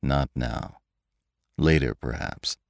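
A man's voice: slow pace, creaky, dry recording, studio quality, exaggerated voice. A man doing a sullen, growling young herdsman. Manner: low, curt and growling. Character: sullen young male horse herdsman, brooding.

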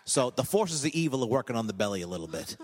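A man's voice: medium pitch, fast, breathy edge. Man telling hypnotist stories, reverby room. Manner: animated, laughs often at his own stories. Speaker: hypnotist guest. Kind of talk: casual storytelling on a comedy podcast.

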